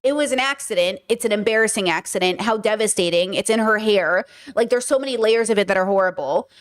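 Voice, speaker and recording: A woman's voice: mid-range voice, fast. A woman hosting a podcast, giving frank, casual commentary full of "like" and "okay" and the odd swear word. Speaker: podcast host reacting to clips.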